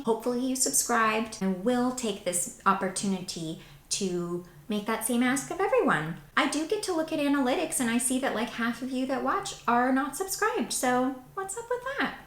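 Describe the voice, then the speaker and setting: Woman, young, bubbly vlog host, lively pitch, roomy echo. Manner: bubbly, playful, animated. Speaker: vlog host responding to comments. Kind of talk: casual chat reading viewer comments. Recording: echoey room.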